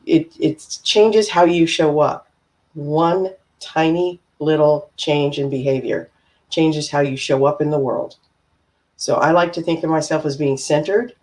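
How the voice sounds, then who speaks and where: Calm, reflective middle-aged woman. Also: low-pitched, normal speed. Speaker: panel guest. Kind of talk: casual panel discussion.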